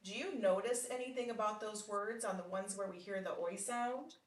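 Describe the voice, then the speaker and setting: Picked up off mic in a slightly roomy space, a woman with a medium-pitched voice gives a one-on-one phonics lesson. She is patient and encouraging, praising often and sounding words out slowly and with care.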